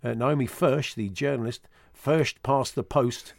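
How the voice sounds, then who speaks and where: A man's voice: mid-range voice, fairly even intonation, unhurried, gravelly, dry recording. A man co-hosting a sports radio show, bantering jokily and teasing his co-host. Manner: jokey, teasing, chatty. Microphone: studio microphone.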